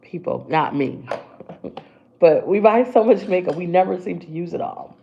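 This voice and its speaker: A woman's voice: on the low side, expressive, normal speed, creaky, lo-fi sound, slight background noise. A woman hosting a casual makeup livestream, chatting to viewers as she works on her brows. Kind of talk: casual live makeup chat.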